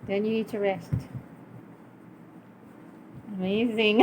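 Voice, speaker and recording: A woman's voice: medium pitch, steady tone, drawn-out words, slight background noise. A woman coaching a child through exercises off camera, cheering him on with repeated praise and frequent laughter. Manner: cheering, repetitive, laughs often. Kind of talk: casual home video coaching.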